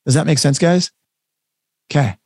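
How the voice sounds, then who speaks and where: A man's voice: a little high, moderate pace, a little mellow, slightly rough, no room sound, clean studio sound. A man teaching real estate agents on a video call, talking conversationally and acting out client dialogues. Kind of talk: live online training talk.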